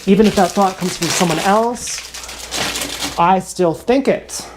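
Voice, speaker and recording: A woman's voice: mid-range voice, measured pace, heavy background noise. A woman talking in a rambling, improvised livestream monologue, blunt, sarcastic and mocking herself. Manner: wandering, half-improvised talk. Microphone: action camera.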